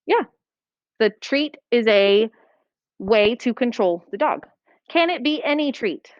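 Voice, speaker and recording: A woman teaching a writing lesson to a class, brisk and checking that students follow. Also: on the high side, lively intonation, no room sound. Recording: dull lo-fi classroom recording.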